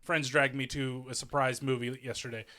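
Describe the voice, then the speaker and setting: A man's voice: medium pitch, level tone, moderate pace, bright, forceful tone. A man co-hosting a casual podcast, rambling and joking, often laughing. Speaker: podcast co-host. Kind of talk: casual chat.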